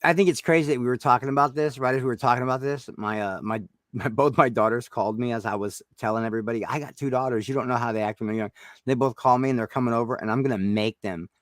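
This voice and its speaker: A man's voice: medium pitch, quick pace, no room sound. A father co-hosting a live stream, talking casually in a laid-back way and laughing easily.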